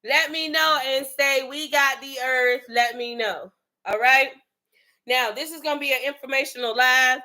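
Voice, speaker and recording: A woman's voice: sits high, normal speed, bright, forceful tone. A woman from the Bronx hosting a casual livestream, chatting and greeting viewers by name. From the Bronx, New York. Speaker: livestream host.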